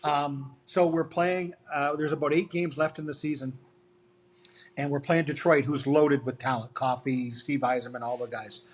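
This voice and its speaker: A middle-aged man spins long, lively anecdotes in a relaxed interview, quoting the voices of others as he goes. His voice sits a little higher than most men's, and he moves it freely up and down as he acts out each exchange. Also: moderate pace. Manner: animated anecdotes, acts out quoted dialogue. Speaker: interview guest, former hockey player. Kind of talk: storytelling in a casual interview.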